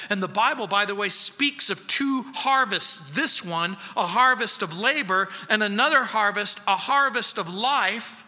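A middle-aged man preaching a sermon as pastor, emphatic, swinging between loud and hushed. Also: high voice, animated, measured pace, hardly any pauses, big-room sound. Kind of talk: expository sermon. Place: church sanctuary.

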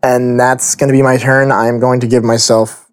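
A man's voice: medium pitch, little pitch movement, moderate pace. A man playing a tabletop game, hesitant and full of fillers as he works out his turn. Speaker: player. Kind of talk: casual tabletop game play.

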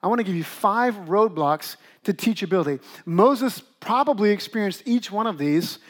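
A middle-aged man, a pastor, preaching a conversational sermon with lively asides to the congregation. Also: high voice, moderate pace.

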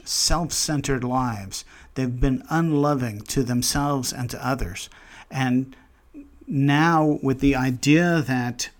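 A man guides listeners through a quiet devotional meditation on scripture. His pitch sits in an ordinary middle range, and he speaks gently and earnestly. He stops mid-phrase and circles back as he thinks aloud. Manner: slow, reflective, gently earnest; pauses mid-phrase, restarts thoughts.

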